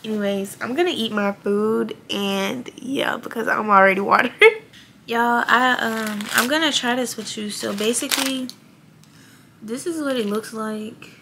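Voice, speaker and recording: A woman's voice: a little high, a little slow, vocal fry, a bit bright, a little hiss or hum. A young woman talking candidly to her viewers in a casual, slangy vlog chat. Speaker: vlogger.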